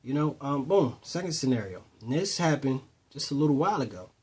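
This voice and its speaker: Brief: man, mid-pitched voice, conversational storyteller, voices the other people in his stories. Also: sing-song, fairly quick, darkish tone, husky. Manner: conversational, retells dialogue in voices, repeats "boom". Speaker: storyteller addressing youth. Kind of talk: casual spoken storytelling.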